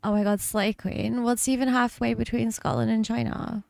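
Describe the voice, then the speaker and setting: A woman's voice: a little high, fairly even intonation, normal speed, creaky, a little mellow, no echo. A woman streaming as a police officer in a roleplay game, bubbly and full of slang, laughing often. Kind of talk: in-character roleplay chat.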